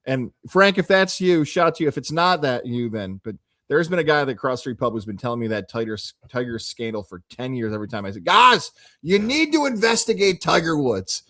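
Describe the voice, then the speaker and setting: A man co-hosting a sports talk show, joking in a lively way and reading listener messages aloud. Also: mid-range voice, quick pace, few pauses, no room sound, studio quality. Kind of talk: casual sports radio chat.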